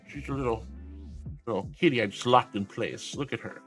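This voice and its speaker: A woman's voice: extremely low pitch, very animated, a little fast, music in the background. A woman streamer chatting casually and affectionately with her viewers, calling them sweetie and honey, often giggling. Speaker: VTuber streamer. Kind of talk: casual livestream chat.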